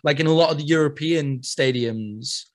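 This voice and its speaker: A man's voice: on the high side, normal speed. A young man from England with a British accent, hosting a podcast in casual chat and swearing freely. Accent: British English. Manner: chatty, swears a lot, laughs often. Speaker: podcast host.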